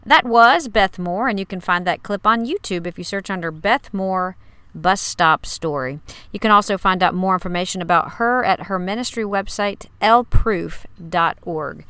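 A woman host giving friendly, relaxed closing remarks. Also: mid-range voice, moderate pace, clean tone, dry recording. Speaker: podcast host. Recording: voice over faint music.

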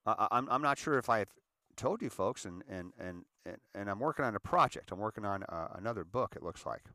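A man in his fifties telling his own life story to an audience, earnest and halting, often repeating words as he restarts. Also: on the low side, animated, bright, forceful tone, no room sound, studio quality. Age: 50s. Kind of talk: personal monologue addressing an audience.

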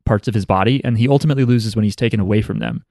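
A man co-hosting a casual podcast chat, talking in animated bursts full of "like". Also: fairly low pitch, rapid-fire, creaky, no echo, clean studio sound. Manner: animated, talks in bursts with many "like"s. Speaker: podcast co-host. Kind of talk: casual chat about an anime.

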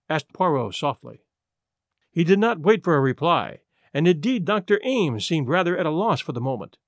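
A man reading a classic detective story aloud as an audiobook narrator, in an even storytelling manner. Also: on the high side, moderate pace, no room sound, studio quality. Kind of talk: scripted narration.

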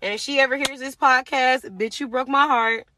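A young woman hosting a podcast, telling a personal story in casual, profane, animated talk and acting out the other people's lines. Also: sits high, moderate pace, slight background noise. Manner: animated, profane, acts out quoted voices. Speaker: podcast host.

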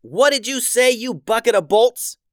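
A man voicing a hot-headed boy who runs a hot dog stand, shouting indignantly. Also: on the high side, fairly quick, clear, resonant tone, no echo, clean studio sound, close to an everyday voice. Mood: angry.

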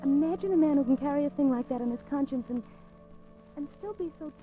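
A woman's voice: high-pitched, fast, close to an everyday voice. A woman playing a determined young woman who secretly baits a suspected killer, in 1940s radio acting, breathless and stammering. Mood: earnest. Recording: dull lo-fi old radio recording, faint music.

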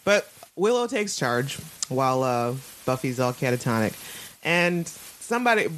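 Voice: medium pitch, a little hiss or hum. A podcast co-host recapping an episode in casual chat, laughing often, swearing casually and acting out the characters. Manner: animated, quick to laugh, acts out characters.

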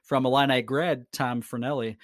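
A man's voice: mid-range voice, steady tone, moderate pace, no room sound, clean studio sound. A man in his thirties, a podcast co-host in casual sports chat, rambling and profane with self-deprecating jokes.

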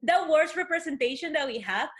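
A woman's voice: high voice, animated, brisk, a bit bright. A woman from Peru whose first language is Spanish, telling stories as a guest in a casual conversation, full of "you know, like" fillers.

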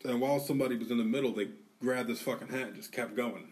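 A man's voice: medium pitch, fast. A man co-hosting a podcast, telling a rowdy story in a casual, profane way and acting out what people said. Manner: animated, profane, acts out quotes. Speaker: podcast co-host. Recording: distant mic in a studio.

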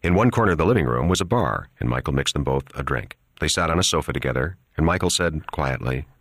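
A man narrating an audiobook with an extremely deep, low voice. He tells the story in a steady, even way. The recording is dry and close, with no room echo. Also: fast.

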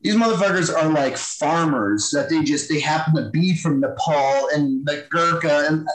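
A man's voice: a little high, moderate pace, echoey room, poor audio. A man who is a former Marine, telling war stories as a podcast guest in a blunt, profane, casual way and acting out the banter he quotes. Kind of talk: casual storytelling interview.

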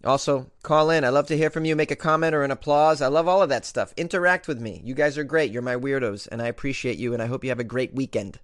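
A man's voice: mid-range voice, fast, hardly any pauses. A man hosting a casual comedic news show, reading odd stories aloud and riffing on them with mock outrage. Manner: jokey, reads stories then riffs with mock outrage. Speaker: podcast news host.

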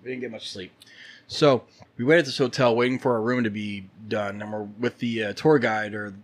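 A man's voice: medium pitch, steady tone, brisk. A man telling a travel story in casual podcast chat, rambling and full of fillers. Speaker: podcast guest.

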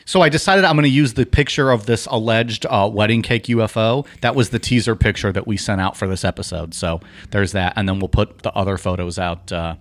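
A man co-hosting a casual podcast, reading a long quoted passage aloud in a plain, steady way. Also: lowish voice, a little fast, few pauses. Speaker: podcast co-host.

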